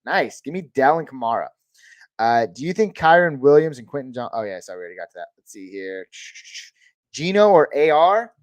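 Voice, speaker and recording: A man hosting a live-stream Q&A, answering viewer questions in a relaxed, chatty way and calling people dude and man. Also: medium pitch, a little fast, no room sound. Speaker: host of a live fantasy football Q&A stream.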